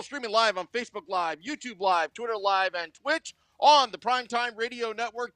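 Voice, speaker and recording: A man hosting a live sports podcast from a radio studio, energetic and joking. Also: extremely high pitch, no echo. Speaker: podcast host.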